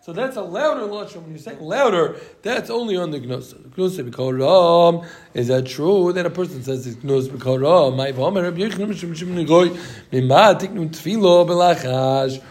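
A man's voice: fairly high pitch, lively intonation, normal speed, a little mellow. A man leads a casual Talmud class. He talks in a loose, rambling way, repeats himself, and keeps dropping Hebrew and Yiddish terms into his English. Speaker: Talmud teacher.

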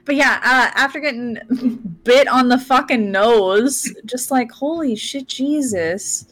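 A woman's voice: a little high, measured pace, fairly bright tone, no room sound. A woman chatting casually as a tabletop game player, giggly and swearing freely. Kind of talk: casual chat.

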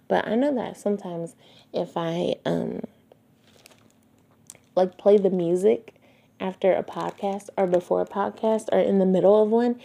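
Slow, gravelly woman reading a novel aloud. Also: mid-range voice, dark tone. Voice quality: wet, spit-filled mouth sounds. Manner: stops to correct misreadings and chats between passages. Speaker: podcast host reading a book aloud. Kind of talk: casual read-aloud of a novel with asides. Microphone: home recording, not studio-soundproofed.

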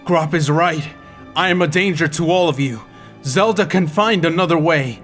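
An anguished young hero, voiced by a man, pushes words out through strain, his higher-pitched cries cracking with pain. Music hums faintly under the storybook. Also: normal speed, a bit bright, close to an everyday voice.

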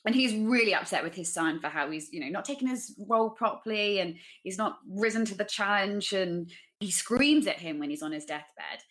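A woman's voice: medium pitch, moderate pace, fairly bright tone. A woman co-hosting a casual discussion, informal and chatty, with plenty of "like" fillers. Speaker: podcast co-host.

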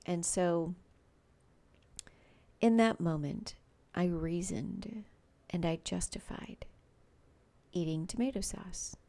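A middle-aged woman hosts a faith podcast in a chatty, personal way, leaning on fillers and asides. Her voice sits a bit low and dark, with a gravelly fry running through it. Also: slow pace, long pauses. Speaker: podcast host. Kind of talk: faith-based podcast monologue.

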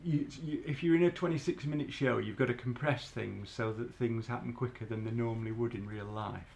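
A man's voice: medium pitch, brisk, vocal fry, a little mellow, slight background noise. A man, chatting casually as a podcast co-host, agreeable and fond of tag questions. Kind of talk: casual chat.

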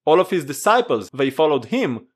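A man's voice: fairly high pitch, big pitch swings, normal speed, slightly rough. A man preaching an earnest, exhorting sermon that repeats its pleas. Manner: earnest, exhorting, repetitive pleading.

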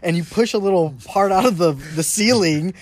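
A man's voice: sits high, moderate pace, dry recording. A man bantering and teasing his brother on a casual podcast. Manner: teasing, chimes in with jokes.

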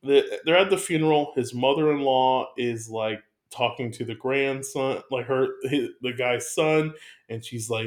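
A man chatting casually about a film, animated and profane, rambling with restarts as he talks. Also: medium pitch, measured pace. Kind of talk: casual movie review chat.

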